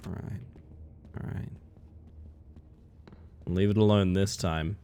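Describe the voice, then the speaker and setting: A man live-streaming, chatting with his viewers in a playful, excitable way. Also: low voice, takes it slowly, gravelly, smooth. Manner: playful, excitable, talks to chat. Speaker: livestreamer. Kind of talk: casual live-stream chat.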